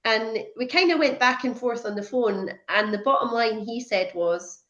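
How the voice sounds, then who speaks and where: A woman in her thirties, a podcast guest, telling her story in lively conversation and acting out what people said. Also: fairly high pitch, moderate pace, highs cut off. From Scotland. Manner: lively retelling, acts out quoted speech. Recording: roomy echoey room.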